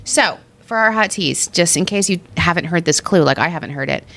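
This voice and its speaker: A woman co-hosting a casual chat, excitable and gushing, often jumping up high when she quotes herself. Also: brisk.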